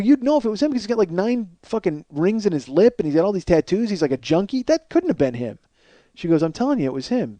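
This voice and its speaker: A man's voice: high voice, warm tone, no echo. A man hosting a comedy podcast, telling a profane story and acting out both sides of the conversation in a ranting manner. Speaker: podcast host.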